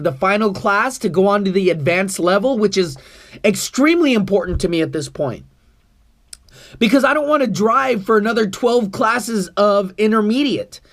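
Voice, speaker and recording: A man vlogging to camera about his acting class, talking in an earnest, rambling way, bothered by allergies. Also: sits high. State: allergies, coughing. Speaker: vlogger, improv student. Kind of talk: casual talk to camera.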